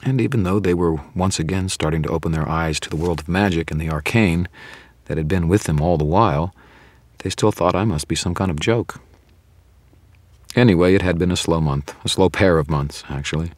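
A man's voice: low-pitched, fairly quick, dry recording. A man reading a first-person novel aloud as an audiobook narrator, in a dry, wry storytelling manner.

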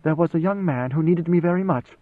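A man voicing a young woman, a ruler's intended bride, speaking in a soft, measured, composed way. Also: on the high side, no room sound, pitched above the performer's own voice, close to an everyday voice. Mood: wistful. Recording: dry, phone-like narrow sound.

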